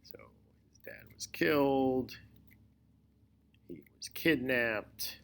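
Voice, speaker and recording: Slow, deliberate male history teacher. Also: mid-range voice, expressive. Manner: slow, deliberate explaining with repetition. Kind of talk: recorded history lecture.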